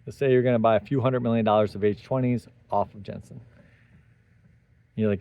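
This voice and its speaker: A man's voice: on the low side, fairly even intonation, fairly quick, highs cut off. A man hosting a solo tech commentary, talking animatedly with sarcastic asides and tangents. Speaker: tech commentary channel host.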